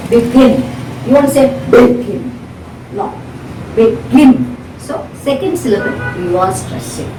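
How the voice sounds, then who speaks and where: A woman teaching an English pronunciation lesson, explaining step by step and repeating example words slowly, checking "got it?" with her students. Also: a little high. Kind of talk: classroom-style video lesson. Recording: echoey room, voice from a distance, faint noise.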